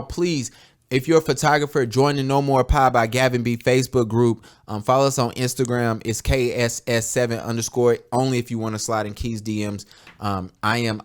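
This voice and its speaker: A man's voice: medium pitch, clean tone. A young man with a Southern US accent, hosting a casual podcast and telling loose, profane stories. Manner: loose, profane storytelling with animated voices. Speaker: podcast host.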